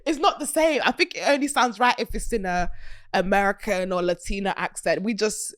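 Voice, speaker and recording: A British woman hosting a casual podcast chat, animated and laughing often. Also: mid-range voice, a little fast, dry recording, clean studio sound. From Britain. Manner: giggly, animated, bursts of laughter. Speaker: podcast host.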